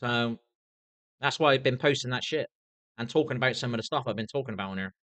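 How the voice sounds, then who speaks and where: A man's voice: mid-range voice, fast talker, a bit bright. A young man livestreaming an angry, swear-filled rant, often asking "do you know what I mean". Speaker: streamer.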